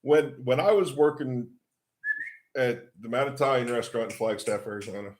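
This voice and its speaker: A man's voice: medium pitch, moderate pace, a little mellow, a little hiss or hum. A man telling a story as co-host on a casual livestream, friendly and laughing often. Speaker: co-host, husband.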